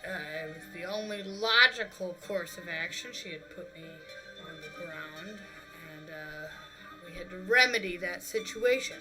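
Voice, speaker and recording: A woman playing a tabletop game who speaks in a measured, deliberate way. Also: on the low side, music in the background, low-quality recording. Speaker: player. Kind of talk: tabletop role-play.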